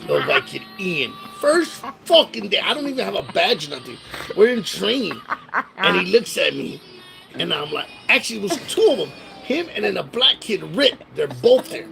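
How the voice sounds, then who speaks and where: Gravelly man telling loose stories. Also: high voice, very animated, moderate pace, noisy background. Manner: loose, profane, laughing anecdotes. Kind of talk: casual storytelling chat.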